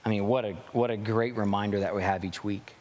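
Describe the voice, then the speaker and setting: A man's voice: fairly low pitch, steady tone, fairly quick, darkish tone, in a large hall. A man pastor giving a sermon, reading scripture and preaching with emphatic rises and drops.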